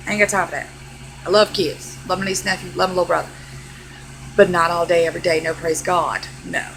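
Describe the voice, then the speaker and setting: Woman, young adult, vlogger, sassy comedic rant, exasperated, gravelly fry. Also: lowish voice, a little fast, a little hiss or hum, low-quality recording. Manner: sassy, exasperated, animated delivery.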